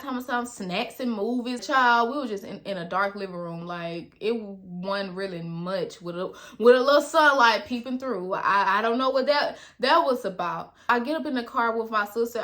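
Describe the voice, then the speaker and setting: A woman in her twenties chatting casually to viewers in a story-time vlog, animated and full of slang. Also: medium pitch. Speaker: vlogger.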